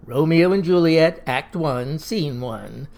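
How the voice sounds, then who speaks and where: A pompous, bookish schoolmaster with a lofty delivery, fond of quoting old philosophers, as a storyteller puts him on. His voice sits a bit lower than the teller's own, grand and unhurried. It comes from a spoken storybook reading. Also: creaky, a little mellow. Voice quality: lofty, quotation-heavy delivery. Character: pompous scholarly male teacher who quotes classics.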